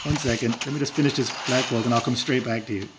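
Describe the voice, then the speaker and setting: A man's voice: mid-range voice, fairly even intonation, quick pace, background noise. A man with a rural Irish accent, chatting casually on a live stream while playing a game, rambling with fillers and chuckling at himself. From Ireland. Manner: rambling and self-deprecating, with filler words and chuckles.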